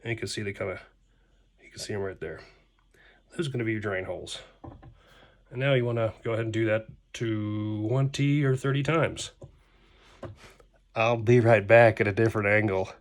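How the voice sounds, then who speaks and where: A man's voice: fairly low pitch, moderate pace, pauses often. A man teaching pottery at the wheel in his studio, talking in an offhand, folksy way and tossing in playful sound words. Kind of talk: casual hands-on demonstration.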